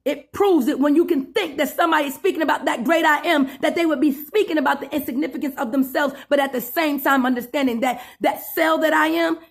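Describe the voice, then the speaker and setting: A woman ranting in a satirical sermon style, preachy and profane, stretching out emphatic phrases and bursting into loud outbursts. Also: high voice, fast talker, gravelly, few pauses. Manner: preachy and profane, calls listener 'boo' and 'my friend'. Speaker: self-styled spiritual preacher.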